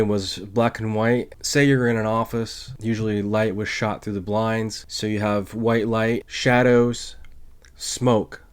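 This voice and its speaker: A man's voice: fairly low pitch, smooth. Man hosting a casual film review. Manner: conversational, explains step by step with small restarts. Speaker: podcast host reviewing films.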